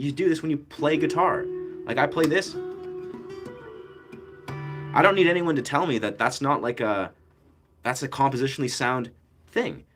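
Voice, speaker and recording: A man's voice: a little high, fairly bright tone. A young man, a musician and content creator, talking casually and at length about music and ear training, loose and slangy with lots of fillers.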